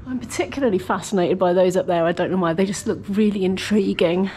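A chatty woman walks a castle with a handheld camera, narrating what she sees in a curious, lightly joking way. Her voice sits at a middle pitch, and a little faint noise from the surroundings runs under it. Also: fast, mellow. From Britain. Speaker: vlogger touring a castle. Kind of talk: casual travel vlog narration. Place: outdoors and inside a stone castle.

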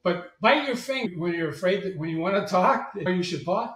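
Here a middle-aged man who heads a marketing agency shares business stories as a guest on an interview, performing the quoted voices with lively energy. He speaks a little fast in a high register, picked up by a far-off mic in a room full of echo.

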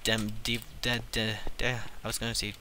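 A young man giving casual, profane gameplay commentary, jumping from low mutters to squealing shouts. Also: level tone, moderate pace, noisy background. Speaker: gaming channel host.

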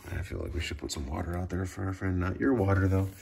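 A man's voice: deep voice, quick pace, gravelly, a little mellow, a little hiss or hum. A man filming a casual vlog at home, talking to his cats in coaxing baby talk and often dropping to a whisper. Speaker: cat owner filming his pets. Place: home by a sliding door.

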